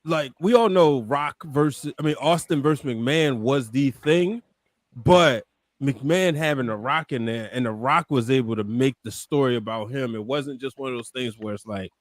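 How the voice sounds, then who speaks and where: A man's voice: mid-range voice, moderate pace, no room sound. A man co-hosting a wrestling podcast, rambling through his point and peppering it with "you know". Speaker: podcast co-host. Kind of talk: casual wrestling chat.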